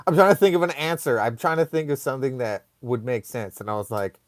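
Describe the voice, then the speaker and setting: A man hosting a live online show, telling a comic story casually in a rambling, animated way full of fillers. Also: medium pitch, fast, dry recording, studio quality.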